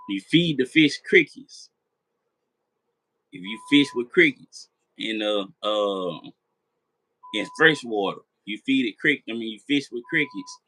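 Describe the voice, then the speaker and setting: Bright-voiced rambling man. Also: mid-range voice, dry recording, poor audio. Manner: rambling, repetitive, profane; talks straight to viewers. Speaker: live stream host. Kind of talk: casual late-night chat.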